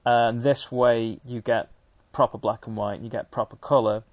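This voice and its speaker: Male film historian, gravelly and level, dry close sound, careful detailed talker. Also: mid-range voice, fairly even intonation, no room sound. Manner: measured, detailed, with many restarts and fillers. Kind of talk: conversational discussion.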